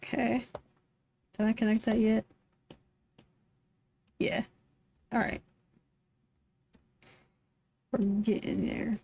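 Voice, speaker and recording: A woman's voice: on the high side, little pitch movement, slow, gravelly, dark tone, husky. A tired woman streaming live, mumbling to herself as she draws. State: tired, yawning. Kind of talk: casual live-stream commentary while drawing.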